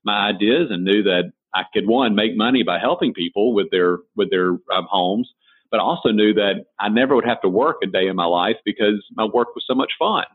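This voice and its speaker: Over a tinny, phone-like line, a man with a Southern American accent and a fairly low, husky voice speaks briskly. He's a designer and author answering interview questions as a folksy storyteller, often restarting his sentences.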